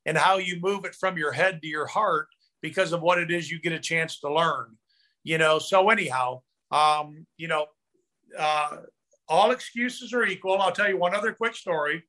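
Older man from Tennessee, high bright voice, energetic motivational speaker with stammering repeats. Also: moderate pace. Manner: energetic, repeats words, storytelling. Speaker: guest speaker. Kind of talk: motivational video-call talk.

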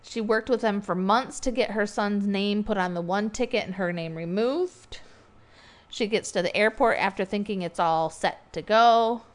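A woman's voice: mid-range voice, moderate pace. A middle-aged woman from the United States, co-hosting a podcast in casual chat, telling stories with laughter and acting out quoted lines. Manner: chatty storyteller, laughs and acts out quotes. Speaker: podcast co-host.

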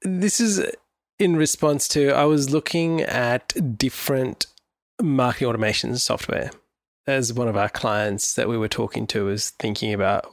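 A man's voice: mid-range voice, measured pace, dry recording, studio quality. A man co-hosting a marketing podcast, introducing segments and chatting casually. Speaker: podcast co-host.

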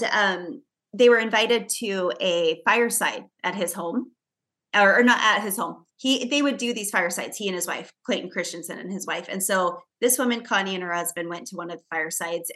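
Bright-voiced chatty woman co-host. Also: medium pitch. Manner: chatty storyteller, frequent fillers and restarts. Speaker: podcast co-host. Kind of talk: casual chat.

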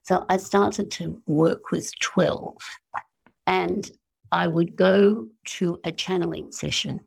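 An Australian woman as an interview guest, telling spiritual stories in a slow, musing way and acting out the voices she quotes. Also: fairly low pitch, vocal fry, darkish tone, husky.

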